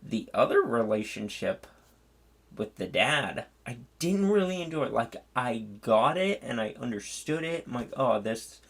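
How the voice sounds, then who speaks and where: A man with a gravelly, creaky voice talks through a movie review in a loose, rambling way. He swears freely and circles back with fillers and restarts. His pitch sits in an ordinary middle range for a man. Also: big pitch swings, moderate pace, a bit bright. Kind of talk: casual spoken film review.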